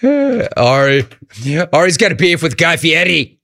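A man hosting a radio call-in show, riffing sarcastically between callers with animated banter. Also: a little high, unhurried, vocal fry, no echo.

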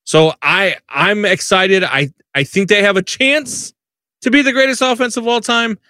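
Excitable bright-voiced man in sports talk. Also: sits high, moderate pace, no echo, clean studio sound. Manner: excitable, repeats and restarts phrases.

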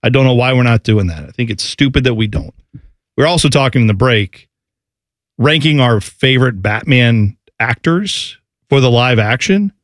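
A middle-aged man co-hosting a casual chat, rambling and animated as he tells stories. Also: mid-range voice, normal speed, no room sound, clean studio sound. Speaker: podcast co-host.

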